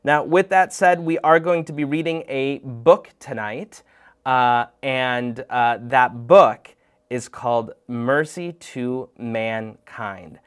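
A man's voice: medium pitch, slow pace, clear, resonant tone. Upbeat man hosting a kids' show. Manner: playful and upbeat, joking with young viewers. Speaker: host of a kids' program. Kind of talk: lively kids' show presenting.

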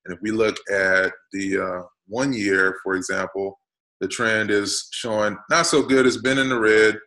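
A man's voice: fairly low pitch, measured pace, rough recording. A man co-hosting a family channel, casually explaining how to buy stock at home, with frequent uh fillers. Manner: relaxed, steady explaining with uh fillers. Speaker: co-host explaining stock investing. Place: indoors at a rented home.

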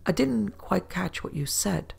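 A woman reading as a sly, gravelly dapper storyteller. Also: mid-range voice, heavily acted. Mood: smooth. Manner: calm, measured storytelling.

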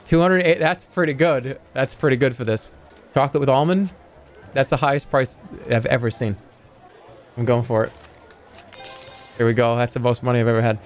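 A man streaming a video game, talking his way through it with sudden yelps, swearing and bursts of excitement, and sometimes reading the game's dialogue aloud. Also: mid-range voice, normal speed, long pauses. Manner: excitable, swearing, yelps and shouts when things go wrong. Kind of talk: live gameplay commentary.

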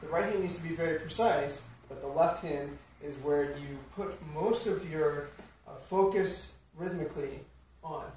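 A man's voice: on the high side, unhurried, few pauses, darkish tone, slight background noise. Man teaching piano in an echoey room. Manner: explanatory, counts beats aloud over playing. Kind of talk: piano lesson walkthrough. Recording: very echoey room, slightly distant mic, piano playing.

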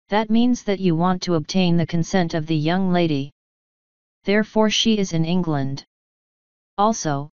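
An audiobook's calm older detective , read by a woman, laying out his logic in slow, exact steps. her voice sits low and very smooth. the recording is dry and a little dull. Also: no echo, close to an everyday voice. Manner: measured, precise reasoning.

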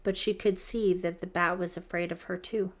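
A woman narrating a teen horror audiobook in a measured, suspenseful reading. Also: lowish voice, fairly even intonation. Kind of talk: scripted narration.

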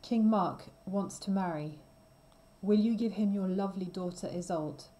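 A woman's voice: medium pitch, measured pace, dark tone, lightly acted, rough recording. Tristram, a woman reading an earnest young knight. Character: brave young male knight, earnest and loving.

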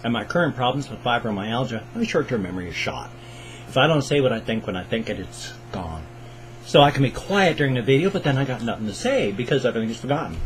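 An older man with an American accent rambles through a casual vlog intro, folksy and self-mocking. His pitch swoops up and down lively as he talks. A faint hum sits under the recording. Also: poor audio. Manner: folksy, self-deprecating, talkative, mock-sing-song bits. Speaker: reaction video host.

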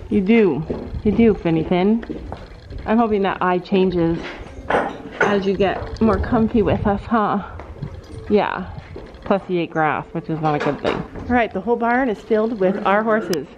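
A woman's voice: medium pitch, unhurried. A woman vlogging casually at a horse barn, chatting to viewers and soothing her horses. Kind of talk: casual vlog talk to camera. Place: horse barn and trailer, outdoors. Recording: slightly dull sound with faint noise.

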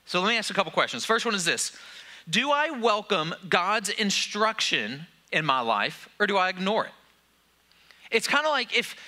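A man's voice: high-pitched, sharp tone. A man preaching a sermon to a church, talking conversationally and posing questions to the congregation. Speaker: pastor.

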